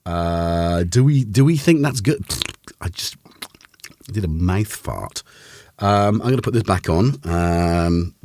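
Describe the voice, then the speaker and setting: A man's voice: sits low, slow, darkish tone. A man hosting a casual livestream from a home studio, rambling and self-deprecating as he greets his chat by name. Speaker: livestream host.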